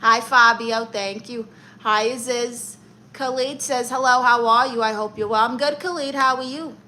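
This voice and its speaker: Brief: bright-voiced, sassy New woman, comic live-stream auntie teasing her chat, faint room hiss. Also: on the high side, fairly even intonation, moderate pace, poor audio. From Brooklyn, New York. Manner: sassy, teasing, calls viewers honey and darling. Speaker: livestream host playing an aunt character.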